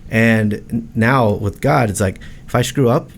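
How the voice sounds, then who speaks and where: A man's voice: lowish voice, unhurried, creaky, slight background noise. A man in his forties from Arizona, a realtor guest on a podcast, talking in an earnest, heartfelt way with many restarts. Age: 40s. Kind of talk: casual interview talk.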